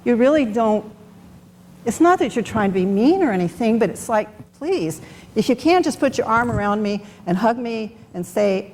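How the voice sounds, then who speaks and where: A woman's voice: on the high side, expressive, normal speed, darkish tone. A middle-aged woman speaking at a Bible study, giving an unscripted, candid personal testimony in a conversational way. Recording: long hall reverb, faint background noise.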